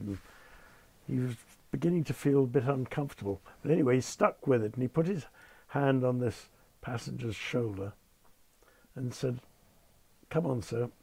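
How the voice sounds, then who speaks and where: A man's voice: mid-range voice, vocal fry, darkish tone, breathy edge. An older man, a former airline captain telling anecdotes with dry understatement and acting out the people he quotes. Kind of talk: anecdotal storytelling in conversation.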